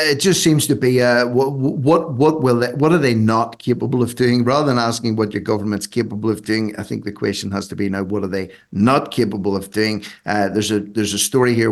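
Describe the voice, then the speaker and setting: A man from Britain hosting a talk radio show, chatting casually with lots of fillers. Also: medium pitch. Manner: rambling, filler-heavy, lively delivery.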